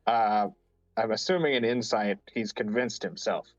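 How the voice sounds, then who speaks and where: A man's voice: on the low side, normal speed, lo-fi sound, faint music behind. A man playing a tabletop game, playful and blunt, laughing often. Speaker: player. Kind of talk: tabletop role-play.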